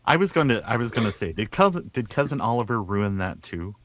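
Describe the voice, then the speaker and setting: Host guy, lowish voice that bounces around a lot, jokey, dry close sound. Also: sing-song, fairly bright tone. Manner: joking, quick to agree. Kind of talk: casual interview chat.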